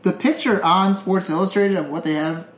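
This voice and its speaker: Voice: medium pitch, fairly even intonation, normal speed. A podcast co-host in casual sports chat, swearing freely, rambling, and trailing off mid-thought. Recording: echoey room, faint hiss.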